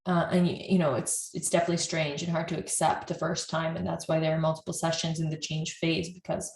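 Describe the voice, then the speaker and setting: A woman's voice: low-pitched, little pitch movement, brisk, creaky, a little mellow, echoey room, slight background noise. A woman couples therapist earnestly explaining at length to camera, often restarting her sentences.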